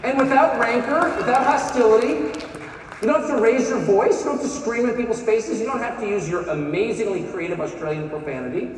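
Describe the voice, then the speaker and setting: A man's voice: very high voice, fairly quick. Sarcastic man in echoey hall. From United States. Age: 50s. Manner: sarcastic, mocking. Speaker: conference speaker. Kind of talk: live speech to an audience. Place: large conference hall. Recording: echoey hall from far off, faint crowd.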